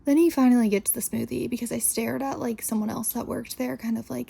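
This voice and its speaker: Young female podcast host, chatty storyteller, husky, slightly high voice. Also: steady tone, a little fast, hardly any pauses, dark tone. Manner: chatty, exasperated, full of "like". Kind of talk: casual storytelling monologue.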